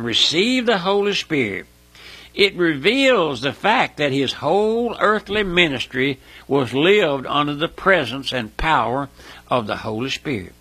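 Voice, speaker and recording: A man's voice: sharp tone, breathy edge. Folksy, emotional preacher man. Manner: emotional, rising to high pleading cries; folksy, repeats "my friend" and "listen". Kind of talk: sermon.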